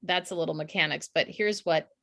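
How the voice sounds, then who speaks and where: A woman from the US Midwest, a communications coach talking as a podcast guest in an energetic, demonstrative way. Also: sits low, a little fast, gravelly. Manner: energetic, demonstrative, laughs often. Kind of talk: conversational podcast interview.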